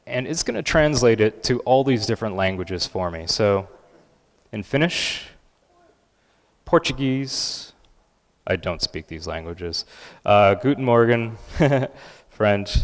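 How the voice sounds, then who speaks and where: A man giving a live conference talk and software demo, casual and upbeat with many filler words. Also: lowish voice, animated, takes it slowly, long pauses. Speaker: conference speaker. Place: large conference hall. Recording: reverberant conference hall.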